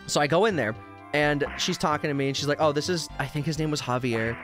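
A man's voice: on the high side, quick pace, a bit bright. A man streaming a video game, telling a long, tangential personal story in casual chat and swearing freely. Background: game music.

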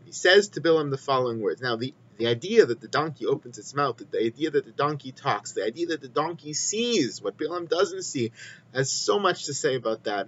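A man giving a weekly Torah lesson in a measured, explanatory way, weaving in Hebrew quotations. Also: mid-range voice, a bit bright. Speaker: Torah teacher. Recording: slightly muffled with faint hum.

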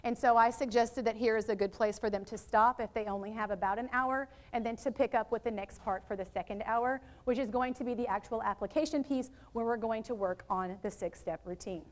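A middle-aged woman presenting a teacher training workshop to educators in a room, talking in a lively, chatty way with asides to the audience, on a worn microphone. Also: on the high side, fairly quick, hardly any pauses.

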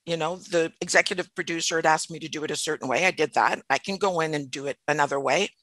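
A middle-aged French Canadian actress talks fast in a low, fairly bright voice, with no room sound. As a podcast guest she tells the story of her career in a casual interview, thoughtful and often restarting her sentences.

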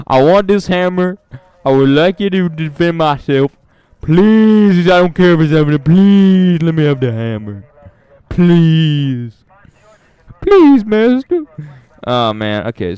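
A man's voice: mid-range voice, clean tone, no room sound. A man giving rambling let's-play commentary, joking and swearing as he talks to the game characters. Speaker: gaming video host.

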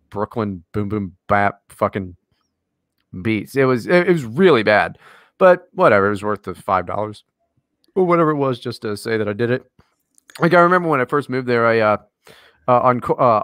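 A man's voice: on the low side, no echo, studio quality. A man co-hosting a podcast in casual chat, ranting and swearing with lots of energy. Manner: profane, ranting, animated. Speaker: podcast co-host.

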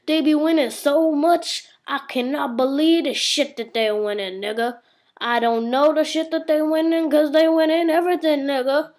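In an indoor room, a woman vlogger rants to her webcam in a comic, profane monologue. Her voice sits high with a darkish tone at normal speed, and she boasts, rambles, and curses constantly while telling tall stories.

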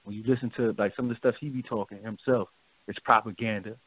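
A man's voice: on the low side, fairly even intonation, fast, breathy edge, dry recording. A man hosting a radio talk show, chatting loosely and often asking "you feel me?". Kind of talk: casual discussion. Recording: dry, phone-like narrow sound.

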